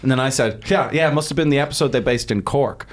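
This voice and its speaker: A man's voice: mid-range voice, fast. A man with an Irish accent, a guest comedian telling stories in casual podcast chat, acting out the people he quotes. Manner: animated storytelling, acts out quotes.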